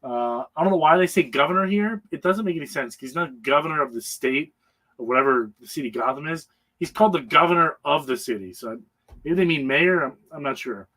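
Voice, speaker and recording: A man's voice: a little high, expressive, fairly quick, pushed and bright, rough recording. A man on a comic book panel recapping a story in casual, rambling talk, full of hesitations and frequent chuckles.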